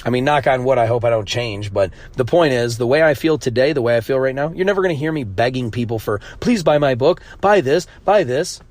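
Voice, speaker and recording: A man's voice: medium pitch, expressive, fast, hardly any pauses, a little mellow, no echo. A man hosting a solo podcast, talking in a blunt, profane, ranting way. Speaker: podcast host. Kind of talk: casual monologue.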